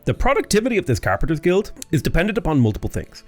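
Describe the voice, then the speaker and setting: A man's voice: on the high side, wildly swooping pitch, very fast, darkish tone, faint music behind. A man chatting his way through a strategy game as a YouTuber, rambling and breaking off mid-sentence. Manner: chatty, rambling, self-interrupting.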